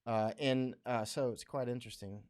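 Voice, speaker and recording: A man's voice: medium pitch, fairly even intonation, normal speed, a little mellow, clear, resonant tone. Blunt, rambling American man livestreaming. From United States. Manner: rambling, blunt, laughs often, mocking voices when quoting others. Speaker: livestream host answering viewer comments. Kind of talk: casual livestream chat. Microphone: studio microphone.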